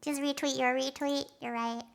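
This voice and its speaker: A young woman streamer chatting casually with her live audience, giggly and quick to react emotionally. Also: high-pitched, level tone, creaky. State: has a headache.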